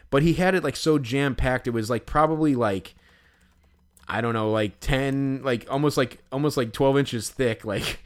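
A man co-hosting a podcast, telling a story in casual chat, rambling with many fillers and restarts. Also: mid-range voice. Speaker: podcast co-host.

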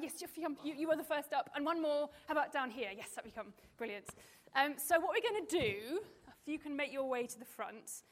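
A woman marine biologist giving a lively, playful presentation to a live audience with children, chatty and full of ums. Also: sits high. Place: stage in front of an audience.

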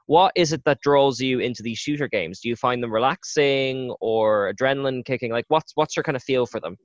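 A man's voice: medium pitch, fairly quick, no room sound. A man hosting a casual interview, asking curious questions and laughing easily. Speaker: podcast host. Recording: dry, dull lo-fi sound.

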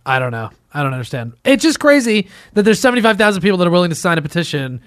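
A man with a notably high speaking voice co-hosts a casual podcast. He jokes around and keeps nudging the conversation forward. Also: very animated, rapid-fire, fairly bright tone, no echo, clean studio sound. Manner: joking, steering the show along. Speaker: podcast co-host.

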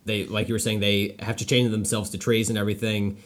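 Guy with a lowish voice, rambly movie chat, lots of ums and restarts. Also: little pitch movement, fast. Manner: rambling, many fillers and restarts, laughs often.

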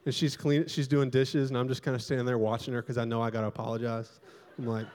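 A young adult man preaching a sermon as pastor, telling stories animatedly and swinging between loud bursts and hushed, quiet stretches. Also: mid-range voice, flat delivery, quick pace, smooth. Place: church hall. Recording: long hall reverb.

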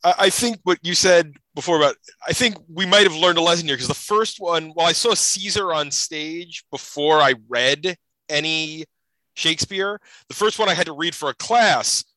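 A man's voice: on the high side, moderate pace, pushed and bright, dry recording, low-quality recording. A man hosting a casual interview, chatty and wry. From United States.

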